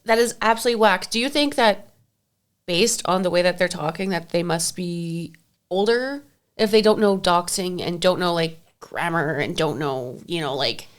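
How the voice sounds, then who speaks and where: A woman hosting a podcast, chatting casually and reacting with quick questions. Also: lowish voice. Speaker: podcast host. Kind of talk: casual chat.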